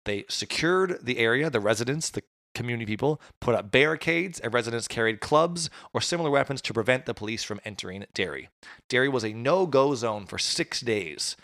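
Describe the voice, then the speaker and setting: A man's voice: mid-range voice, expressive, a little fast, a bit bright, no room sound, clean studio sound. A man recounting history in a casual chat, with jokey asides. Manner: conversational storytelling, jokey asides. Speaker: podcast host.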